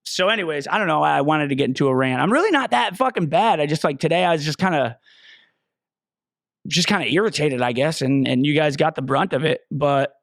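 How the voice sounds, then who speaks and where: A man's voice: on the high side, animated, brisk, creaky, fairly bright tone, no echo, clean studio sound. A man hosting a podcast, a personal trainer ranting bluntly and profanely with lots of fillers. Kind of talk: profane solo rant.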